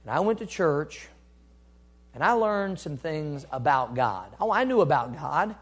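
A middle-aged man preaching a sermon, earnest, swinging between loud urging and quiet asides. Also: a little high, very animated, measured pace, husky. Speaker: pastor.

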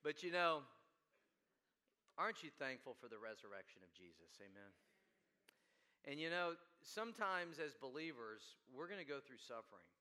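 A man preaching a sermon, telling a story and swinging from hushed asides to loud, emphatic preaching. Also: mid-range voice, sing-song, moderate pace, long pauses. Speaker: pastor.

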